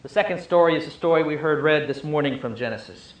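High-voiced preacher in an echoey church. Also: male voice, fast talker. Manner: storytelling, emphatic, joking asides. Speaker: pastor. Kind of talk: sermon.

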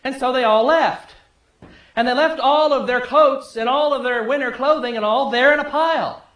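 A male pastor preaching a sermon, telling a story conversationally and dropping low and soft for emphasis. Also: normal speed. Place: church sanctuary. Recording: echoey church room.

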